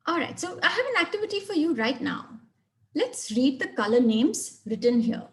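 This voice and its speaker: A woman with a fairly high voice leads a webinar lesson. She explains step by step in a clear, measured manner and leans on single words to show how stress changes meaning. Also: big pitch swings. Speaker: teacher presenting a webinar. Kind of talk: webinar lecture.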